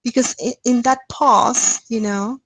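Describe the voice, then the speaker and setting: Woman presenter on a video call, higher register, animated storyteller who acts out exchanges, dry webcam sound. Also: unhurried, slightly rough, no room sound, poor audio. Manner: lively, acts out dialogue with rising pitch and laughs. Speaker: webinar presenter. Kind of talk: casual storytelling talk.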